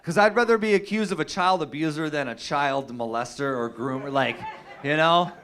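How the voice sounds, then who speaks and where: A man's voice: fairly high pitch, moderate pace, fairly bright tone. A young adult man doing a stand-up comedy set, telling stories in a loose, profane way with lots of fillers and restarts. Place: comedy stage with a live audience.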